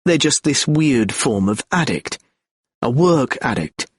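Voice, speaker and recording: A man's voice: mid-range voice, animated, unhurried, husky. A man reading an audiobook of lecture transcripts in a reflective, argumentative lecture tone. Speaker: audiobook narrator.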